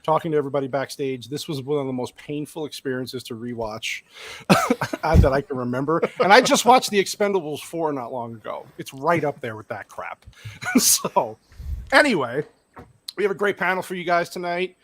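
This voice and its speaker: Lively, joking male podcast host. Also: fairly high pitch, moderate pace, no room sound. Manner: laughs often, joking and sarcastic. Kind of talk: casual group movie review chat.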